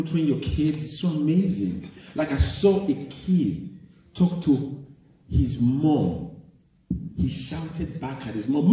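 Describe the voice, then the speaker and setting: A man from Nigeria with a Nigerian accent, performing a stand-up comedy set and mimicking parents and children in squeaky voices. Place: large theater stage. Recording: echoey live hall from a distance, loud crowd laughter.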